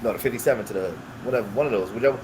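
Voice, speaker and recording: A man's voice: medium pitch, racing, background noise. Slangy New man, humming room. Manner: animated storyteller acting out quoted voices, heavy street slang. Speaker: podcast co-host. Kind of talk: casual chat, storytelling.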